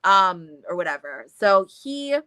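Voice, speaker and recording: A woman co-hosting a casual book discussion, talking in an animated way, swearing freely and acting out scenes in quotes. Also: medium pitch, measured pace, clean tone, no echo. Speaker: book club co-host.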